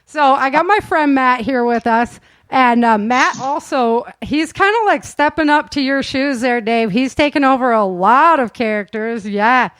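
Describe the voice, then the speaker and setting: A woman's voice: high voice, measured pace, a bit bright, no echo. A woman hosting a casual interview, chatty and enthusiastic and laughing often. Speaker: host of audio drama show.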